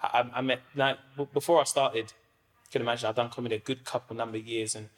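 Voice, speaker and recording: A man's voice: mid-range voice, fairly even intonation, fast talker. A man, a comedian chatting as a podcast guest, rambling and slangy with lots of fillers. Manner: slangy, rambling, many fillers and "do you know what I mean". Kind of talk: casual podcast chat.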